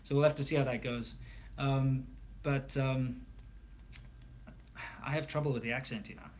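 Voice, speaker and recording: A man's voice: mid-range voice, steady tone, normal speed. A South African man hosting a casual livestream Q&A, talking candidly and rambling with frequent fillers and restarts. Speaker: livestream host.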